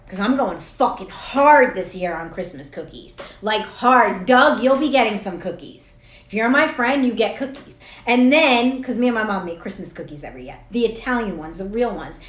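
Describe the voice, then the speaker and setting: A woman coach in her thirties talks to camera in a loose, rambling monologue. She is blunt and swears freely, and she often laughs at herself. Her voice sits mid-range and rings in a roomy, echoey space. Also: medium pitch. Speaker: spiritual coach. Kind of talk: casual direct-to-camera monologue. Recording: echoey room.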